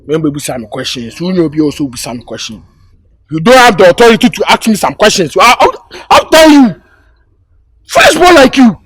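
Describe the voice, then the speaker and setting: A man's voice: high-pitched, big pitch swings, quick pace, a bit bright, breathy edge, dry recording. A man acting in a comedy sketch, arguing back defensively in a mix of English and Twi. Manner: argumentative, defensive.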